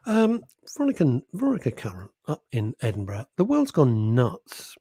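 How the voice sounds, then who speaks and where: A man's voice: fairly high pitch, wildly swooping pitch, normal speed, mellow, slightly rough, no echo. A man hosting a casual radio show, chatting, teasing listeners and laughing often. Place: radio studio.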